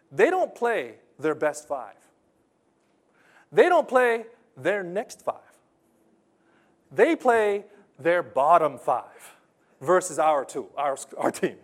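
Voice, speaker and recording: Male pastor mid-sermon, somewhat high pitch, animated storyteller who drops to hushed earnest tones. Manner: animated storytelling preacher, swings from loud to hushed.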